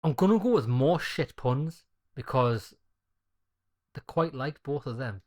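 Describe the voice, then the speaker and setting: A man's voice: medium pitch, animated, a little slow, a little mellow. A man commentating casually on a video game with crude, mocking asides. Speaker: gaming YouTuber commentator. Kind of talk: casual let's-play commentary.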